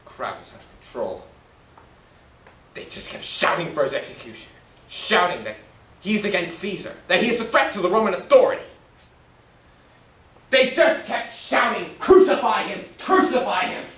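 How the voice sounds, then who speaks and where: Male actor as a self-justifying Roman governor, high lively voice, echoey hall from afar. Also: normal speed, long pauses, recorded from a distance. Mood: defensive. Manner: agitated, rhetorical questioning. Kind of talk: stage play monologue. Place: school hall.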